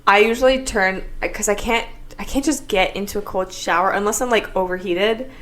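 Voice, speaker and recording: A woman's voice: mid-range voice, normal speed, fairly bright tone. A young woman co-hosting a podcast, blunt and sarcastic, swearing freely in casual chat. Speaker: podcast co-host.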